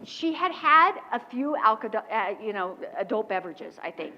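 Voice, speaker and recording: A woman giving a motivational keynote speech, telling animated stories with quick laughs, on a stage microphone in a large lecture hall. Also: a little high. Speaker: keynote speaker. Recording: dull recording with long hall reverb.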